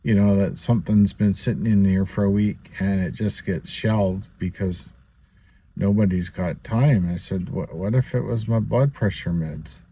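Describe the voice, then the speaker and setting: This vlogger's voice sits on the low side, warm and slightly rough, at a measured pace. Casually recounting something personal to camera, he wanders through asides, little laughs and repeated "you know"s.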